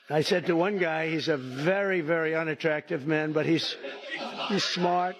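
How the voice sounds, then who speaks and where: A man's voice: on the high side, normal speed, a little hiss or hum. A man giving a rambling speech in a boastful, mocking, repetitive way. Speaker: politician speaking at an event.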